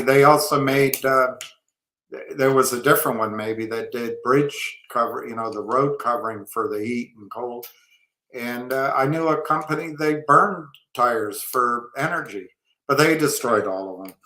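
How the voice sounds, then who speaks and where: A man co-hosting a live talk show, talking in a hesitant, relaxed way. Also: mid-range voice, moderate pace, roomy sound.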